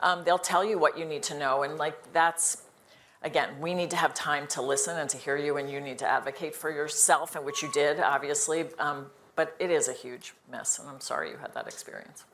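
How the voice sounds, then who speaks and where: An older woman doctor speaks on a live panel in a low, deep voice. She is earnest and emphatic, often restarting her sentences as she pushes her point. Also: fairly quick, fairly bright tone. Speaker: internist on a panel.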